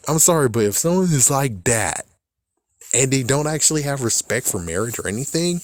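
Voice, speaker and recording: A man giving a casual, profanity-laced recap of a TV series, animated and breaking into laughter now and then. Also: medium pitch, normal speed, no room sound, studio quality. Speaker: show recap vlogger. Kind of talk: casual reaction rant.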